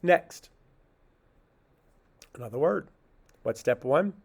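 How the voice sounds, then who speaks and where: A man with a fairly high, expressive voice—creaky, a little mellow, and slightly rough—leads children through phonics. Slow and patient, he answers his own question and then sounds words out syllable by syllable.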